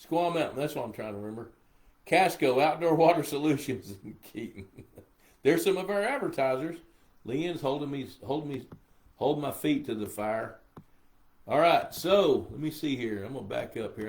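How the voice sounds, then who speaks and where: A man's voice: mid-range voice, gravelly, darkish tone. Older male host, drowsy and meandering, live Q&A tone. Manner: rambling, reads viewer questions aloud, easily sidetracked. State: sleepy. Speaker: pond management expert hosting a live Q&A. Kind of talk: casual live-stream Q&A.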